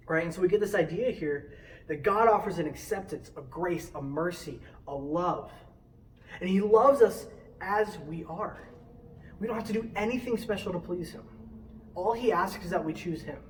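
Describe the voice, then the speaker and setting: A man giving a casual youth sermon, conversational and animated, with quick asides. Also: high-pitched, recorded from a distance, slight background noise, poor audio.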